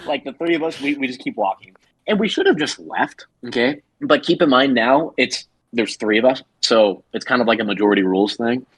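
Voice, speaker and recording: A man with a husky, slightly rough voice, close and dry with no room sound. He tells a story as casual podcast chat, rambling and full of "like," and slips into quick impressions of the people he quotes. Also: mid-range voice, lively intonation, a bit bright, no echo, low-quality recording. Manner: rambling, filler-heavy, acts out quoted people. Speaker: podcast co-host.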